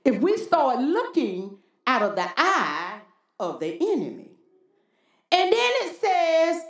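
A woman's voice: sits high, sing-song, takes it slowly, roomy sound. A woman pastor preaching a sermon, calling out to the congregation with repeated "Huh?" and folksy talk. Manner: call-and-response preaching with frequent "Huh?".

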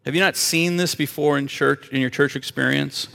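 Bright high-voiced man preaching. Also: fairly even intonation, moderate pace, gravelly, in a large hall. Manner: emphatic, asks the audience rhetorical questions. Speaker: pastor. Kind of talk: sermon.

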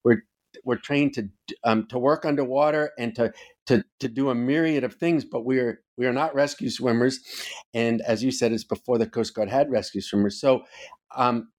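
Speaking at a moderate pace with a steady, mid-range voice that leans dark, this older former Coast Guard officer tells stories as a podcast guest. The interview is casual, and he swears liberally and speaks with emphasis.

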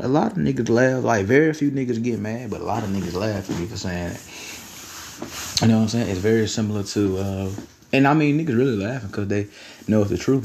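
A young adult man hosts a solo podcast in a casual rant, blunt and profane, repeating lines for emphasis. His voice is on the low side, gravelly and darkish in tone.

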